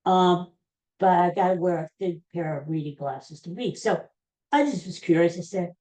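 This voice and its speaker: A man's voice: sits high, normal speed, darkish tone. An older man hosting a casual solo podcast, rambling and joking in a folksy way. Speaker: podcast host. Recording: roomy echoey room.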